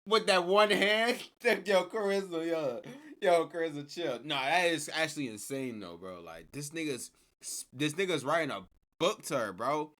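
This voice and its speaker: An excitable man reacting to a video for his stream chat. His pitch swings widely as he jumps from loud outbursts to mumbled slang-filled asides, with a fairly high voice. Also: normal speed. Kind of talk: casual reaction commentary to chat.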